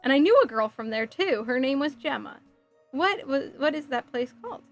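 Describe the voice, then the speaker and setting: A chatty woman in her thirties giggles frequently while putting together a model kit and reading her livestream chat aloud. She talks at normal speed in a high-pitched, animated voice. There's faint music behind her.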